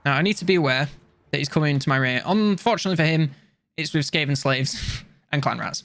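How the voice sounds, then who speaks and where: A young man chatting casually while playing a strategy game on stream, rambling and mocking himself with quick jokes. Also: fairly high pitch, lively intonation, fairly bright tone. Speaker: gaming streamer. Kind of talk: casual let's-play commentary.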